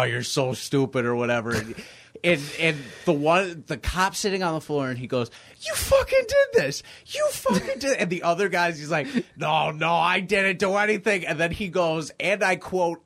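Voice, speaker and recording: A man's voice: mid-range voice, a bit bright. A young man in casual chat as a podcast host, laid-back, swearing freely and acting out movie lines.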